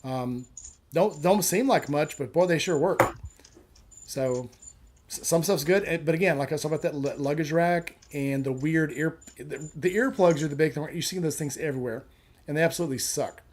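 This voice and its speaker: A man's voice: on the high side, normal speed, a little mellow. A man on a live chat show, talking casually and bluntly, with firm opinions and a habit of telling jokes.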